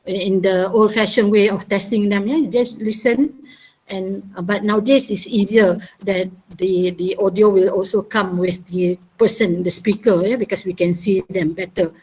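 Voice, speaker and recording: A woman's voice: mid-range voice, fairly even intonation, moderate pace, darkish tone, breathy edge, rough recording. A woman giving a webinar lecture on teaching listening, often ending her points with a checking "yeah?". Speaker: university language lecturer.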